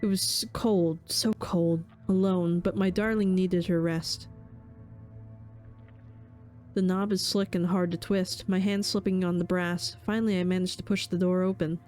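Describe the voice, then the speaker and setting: A woman's voice: lowish voice, fairly even intonation, a little slow, darkish tone, soft background music. Woman narrating a horror game. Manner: dramatic, somber reading with casual asides. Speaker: streamer. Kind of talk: reading a horror visual novel aloud.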